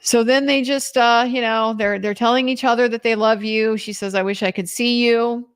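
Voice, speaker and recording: A woman's voice: fairly high pitch, steady tone, moderate pace, smooth. A young woman commenting on a trial in a casual recap, incredulous and emphatic, reading out quotes as she goes. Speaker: legal commentator.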